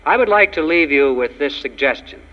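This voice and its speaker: Emphatic male orator, fairly high voice, long-reverb hall, dull lo-fi archive sound. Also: animated, brisk. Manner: emphatic, ironic, tells jokes. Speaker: public speaker. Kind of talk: political speech to an audience.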